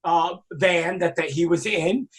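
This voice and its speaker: A man, telling wild stories in a casual interview, animated and swearing freely. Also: on the high side, a little slow, husky. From Brooklyn, New York. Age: 60s. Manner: animated, acts out quoted voices, swears freely. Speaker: guest, music industry veteran.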